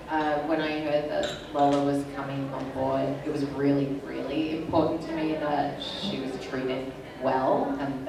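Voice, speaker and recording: Low-voiced woman giggling on a hall panel. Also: slight background noise. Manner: casual, giggly, rambling. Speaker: panel guest. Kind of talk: convention panel chat. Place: large convention hall. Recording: echoey hall from far off, crowd.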